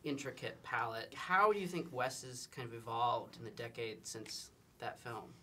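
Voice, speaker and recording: A man's voice: medium pitch, normal speed, pushed and bright, slight background noise. A man interviewing film actors at a press junket, asking questions in a casual style. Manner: casual, uses "like" often.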